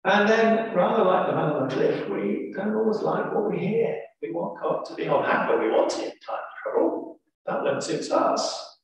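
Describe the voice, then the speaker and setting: A man's voice: sits high, expressive, moderate pace. A man with an English accent preaching a sermon, telling a story with dramatic emphasis. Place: large church. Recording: echoey church from far off.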